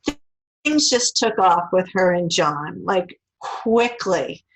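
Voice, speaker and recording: A woman's voice: lowish voice, slow, a little hiss or hum, low-quality recording. A woman, an interview guest, telling a personal story in a casual way and acting out the lines of the people in it. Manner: animated, acts out quoted dialogue.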